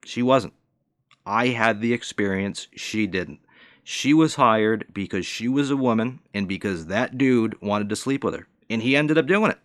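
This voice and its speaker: A man's voice: on the low side, lively intonation, unhurried, dry recording. A man in his forties, a bartender, ranting in a profane, indignant and mocking way. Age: 40s. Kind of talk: ranting monologue.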